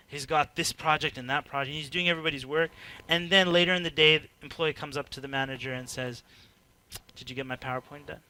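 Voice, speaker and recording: Guy teaching a workshop, kinda high bright voice, super animated, lots of like and you know, acts out little scenes. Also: smooth. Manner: animated, acts out dialogue, frequent fillers and laughs. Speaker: workshop speaker. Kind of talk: informal teaching talk to a group.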